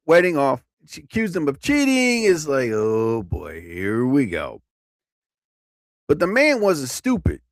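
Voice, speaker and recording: A man hosting a live comedy stream. He rambles through a story in an animated way and laughs at his own jokes. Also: a little high, no room sound, studio quality.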